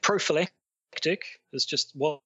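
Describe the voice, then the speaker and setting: A man's voice: fairly high pitch, slow pace, pushed and bright, husky, dry recording, dull audio. A man hosting a podcast in a playful, teasing, rambling way. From Britain. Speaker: podcast host. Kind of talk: casual podcast chat.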